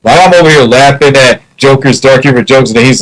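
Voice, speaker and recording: A man's voice: mid-range voice, fairly quick, poor audio. A man musing in a casual vlog monologue, wry and half-joking. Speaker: vlogger.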